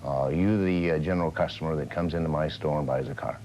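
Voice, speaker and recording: A man's voice: very deep voice, quick pace, a little mellow. A male car dealership owner talking sales on a TV show, earnest, with many fillers. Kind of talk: sales talk on TV. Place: TV studio. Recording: old TV broadcast with faint hiss.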